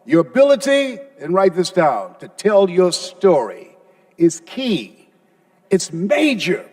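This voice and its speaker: High-voiced emphatic motivational man. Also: sing-song, slow pace, a little mellow. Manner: emphatic, direct, addresses the listener. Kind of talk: motivational speech.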